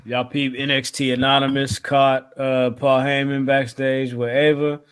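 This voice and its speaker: A man's voice: medium pitch, level tone, unhurried, smooth. A man co-hosting a podcast, laid-back and easygoing in casual wrestling chat. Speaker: podcast co-host.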